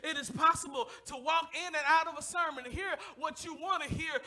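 A male pastor delivering a sermon to a church congregation that is also watching a live stream. He preaches with passion, swings between shouts and hushed near-whispers, and calls on the congregation to respond. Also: extremely high pitch, brisk.

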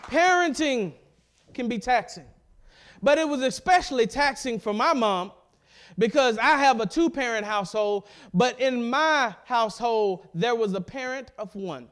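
A man's voice: very high-pitched, lively intonation, a little slow. A middle-aged man, preaching a sermon with emphatic repetition. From central Mississippi. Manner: emphatic preaching, repeats words, warm laughs. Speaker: pastor.

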